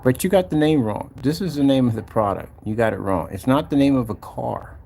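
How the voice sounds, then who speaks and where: Gravelly, lively man mocking a critic. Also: mid-range voice, a little fast, a little hiss or hum. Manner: mocking and exasperated, repeats his points. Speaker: company owner showing his product site. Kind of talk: casual screen-share commentary.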